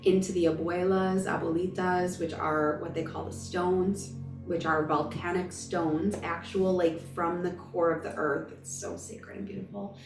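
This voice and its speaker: A woman's voice: fairly low pitch, steady tone, unhurried, reverberant, recorded from a distance, music in the background. Emotional woman telling a personal story. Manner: emotional, emphatic, gushing. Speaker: spiritual vlogger.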